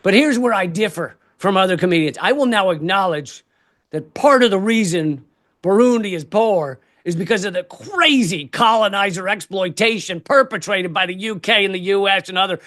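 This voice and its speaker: A man doing a stand-up comedy set on a convention stage, ranting in an exasperated, profane way and bursting into shouts. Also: high voice.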